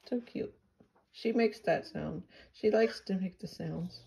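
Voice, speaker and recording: A woman's voice: mid-range voice, takes it slowly, gravelly, muffled recording. A woman vlogging in a casual, rambling way, talking to her viewers and cooing at her pet. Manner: chatty, rambling, with gentle baby talk to her pet. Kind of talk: casual chat to camera.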